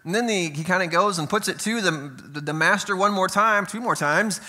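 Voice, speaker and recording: A man preaching a sermon as pastor. He reads scripture slowly and deliberately, and between readings he talks to the congregation in a loose, conversational way, often checking in with "right?". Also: high voice, pushed and bright.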